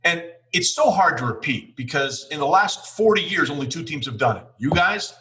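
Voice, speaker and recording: A man's voice: a little high, sing-song, moderate pace, sharp tone, poor audio. A man hosting a podcast interview, upbeat and setting up questions for his guest. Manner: upbeat, scripted toasting intro. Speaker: podcast host.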